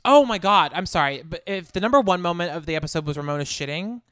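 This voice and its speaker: Emphatic gossip co-host, swears freely, clear smooth tone, dry recording. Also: medium pitch, lively intonation, fast, fairly bright tone, dry recording. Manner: blunt, emphatic, swears for effect. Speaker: podcast co-host. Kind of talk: casual chat recapping a reality show.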